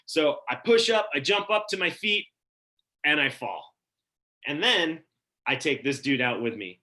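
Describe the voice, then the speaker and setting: Bright-voiced storytelling man from Wyoming. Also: fairly high pitch, a little slow. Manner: casual, animated, many "like" fillers. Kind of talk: live storytelling at a story slam.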